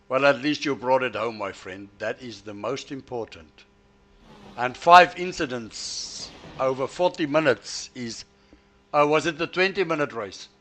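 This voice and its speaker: A man's voice: mid-range voice, a bit bright. A man streaming a sim race, chatting and teasing his friends over voice chat, often restarting his words. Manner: halting, repeats words as he restarts. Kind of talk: casual chat over voice chat while racing.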